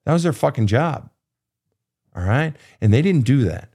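A man's voice: mid-range voice, big pitch swings, normal speed, warm tone, husky. A man in his fifties coaching a guest through childhood pain in a blunt, profane, impassioned way. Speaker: therapist host. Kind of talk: emotional coaching session.

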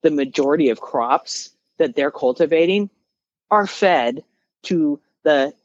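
A woman's voice: deep voice, expressive, a little slow, no echo, dull audio. A woman guest on a casual podcast, arguing bluntly and with passion. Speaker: guest, vegan advocate.

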